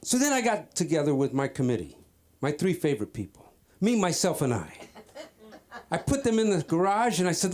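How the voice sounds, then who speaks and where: A man's voice: fairly high pitch, sing-song, a little fast, darkish tone. A man doing a stand-up comedy set at an open mic, telling a story and acting out the voices of the people in it. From Cape Verde. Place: comedy club stage.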